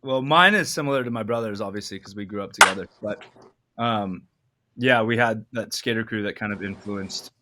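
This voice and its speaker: A man's voice: lowish voice, brisk, background noise. A man, a band's vocalist, talking in a laid-back way with many fillers in a casual interview. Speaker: band vocalist.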